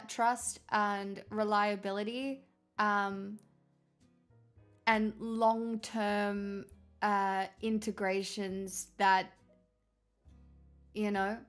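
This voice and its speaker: A woman livestreamer chatting casually with her viewers in a rambling, self-mocking way, full of fillers. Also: mid-range voice. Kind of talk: casual chat with stream viewers.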